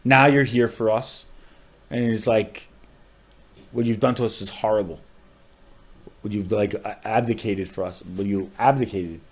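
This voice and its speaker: A man, a rabbi on a podcast, tells a story with strong feeling, often saying "like" and dropping to a hushed voice at sad moments. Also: on the low side, fairly even intonation, moderate pace, pauses often, slightly rough. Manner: emotional storyteller with frequent "like" fillers.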